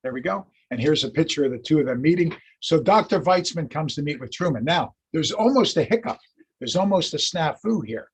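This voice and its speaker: A man giving a history lecture as a lively, chatty storyteller. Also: on the high side, fairly quick, breathy edge. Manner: animated, chatty storyteller who laughs at his anecdotes.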